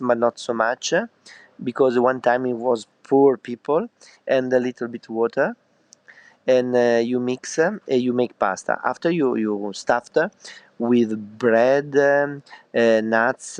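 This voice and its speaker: A middle-aged man with a strong Italian accent works through his English slowly, filling pauses with "uh" and dropping into Italian words. His voice sits at an ordinary pitch. The sound is dry and close. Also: a little mellow, clear, resonant tone, no room sound. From northern Italy. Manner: halting English with many fillers, slipping into Italian. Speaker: chef. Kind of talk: interview over a call.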